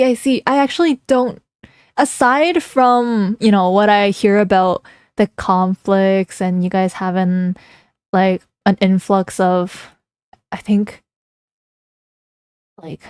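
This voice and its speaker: A woman's voice: mid-range voice, a little mellow, clear, resonant tone, dry recording. Young woman streamer, teasing, laughs a lot, mid voice, close and dry. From Canada. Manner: playful, teasing, laughs often while reading chat. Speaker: livestreamer. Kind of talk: casual livestream chat.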